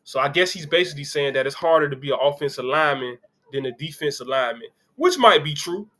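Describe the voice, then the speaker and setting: Bright-voiced man riffing on college football. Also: a little high, lively intonation, fast. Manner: loose, conversational, reads comments aloud with asides. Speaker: sports show host. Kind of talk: casual sports commentary live stream.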